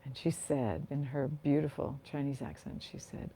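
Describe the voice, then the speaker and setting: A woman hosting a guided meditation, giving gentle, unhurried guidance. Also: extremely low pitch, slight background noise. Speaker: meditation host.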